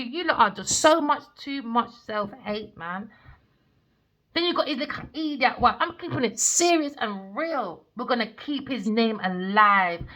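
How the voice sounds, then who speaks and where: A woman's voice: on the high side, sharp tone. A woman, a tarot reader ranting in a blunt, heated, sweary monologue.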